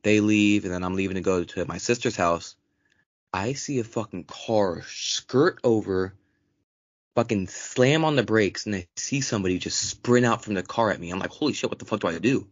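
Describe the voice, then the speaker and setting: Low-voiced young man telling a profane story. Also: normal speed, dry recording. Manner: profane, animated, acts out quotes in raised voice. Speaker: podcast co-host. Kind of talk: casual storytelling chat. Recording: dull lo-fi dry recording.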